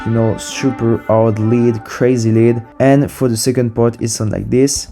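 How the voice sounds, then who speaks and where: A music producer with a mid-range, fairly flat voice casually walks through how he built a sample, at an unhurried pace. The tutorial is upbeat and sprinkled with "super" and "you know."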